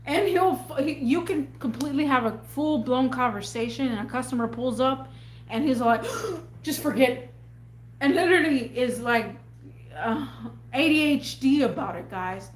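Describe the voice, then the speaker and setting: A woman with a high, bright-pitched voice chats to her viewers and tells a story in a lively, animated way. The room is echoey, and a faint hum sits underneath. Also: normal speed. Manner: animated, chatty, acts out scenes. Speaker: vlogger. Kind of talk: casual storytelling to camera.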